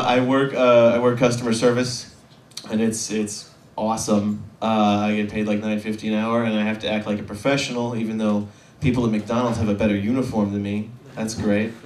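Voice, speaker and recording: A man's voice: medium pitch, far from the mic, background noise. A young man in his twenties working through a stand-up set, rambling and poking fun at himself, often stalling on little fillers. His voice sits in an ordinary middle range and carries a roomy echo, picked up from some way off the mic. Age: 20s. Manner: rambling, self-deprecating, halting with fillers. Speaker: stand-up comedian.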